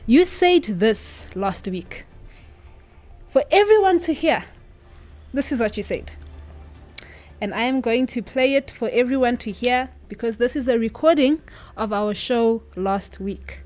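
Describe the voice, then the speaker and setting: A woman's voice: fairly high pitch, animated, unhurried, darkish tone. Chatty woman co-host. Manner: chatty, giggly, asks questions with fillers. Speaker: talk show co-host. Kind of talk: casual talk show chat.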